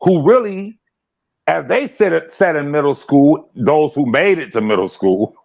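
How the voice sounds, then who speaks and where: A man talking bluntly in a casual live-stream chat, animated, swearing and often laughing. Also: fairly high pitch, unhurried, gravelly. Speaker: guest commentator. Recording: dull lo-fi stream audio.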